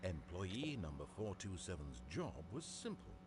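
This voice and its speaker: A man's voice: low-pitched, wildly swooping pitch, over music, full character voice. An actor playing a wry, all-knowing male game narrator who tells the story in a dry, theatrical way and teases the player. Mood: measured. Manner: dry, mocking, drawn-out storytelling.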